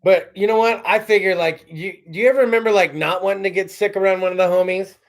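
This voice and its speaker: High-voiced profane man hosting a live show. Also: quick pace. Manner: rambling, profane, slips into mock voices and laughs. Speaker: podcast host. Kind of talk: profane live-stream comedy chat. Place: home studio.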